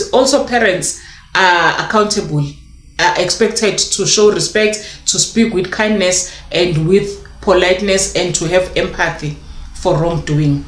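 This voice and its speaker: A woman's voice: mid-range voice, roomy sound. A woman giving parenting advice in a sit-down talk, explaining step by step and acting out parent and child dialogue. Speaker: parenting educator.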